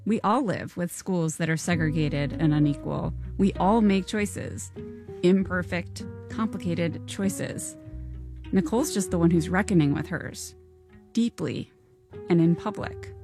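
Earnest woman host narrating over music. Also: mid-range voice. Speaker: podcast host. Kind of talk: scripted narration.

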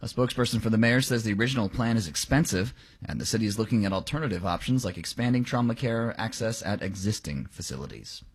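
A man reading the local news and weather on the radio in a brisk, clipped delivery. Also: lowish voice, lively intonation, breathy edge. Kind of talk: news read on air.

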